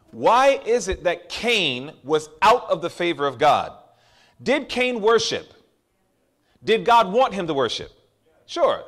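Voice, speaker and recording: A man preaching a sermon to a congregation, emphatic and drawing out key phrases, often asking the crowd to respond. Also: high-pitched. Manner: drawn-out stressed phrases for emphasis.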